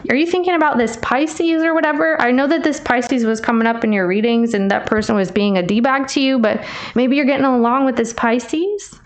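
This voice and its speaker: A woman's voice: on the high side, fairly quick. A woman giving a casual tarot reading, chatty and teasing, calling the listener babe. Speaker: tarot reader.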